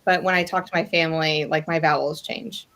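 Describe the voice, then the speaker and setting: A woman's voice: sits low, steady tone, fairly quick, a bit bright. A woman with a slight Canadian accent, from northern New York, friendly in a casual group chat. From northern New York near Canada. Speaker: livestream guest.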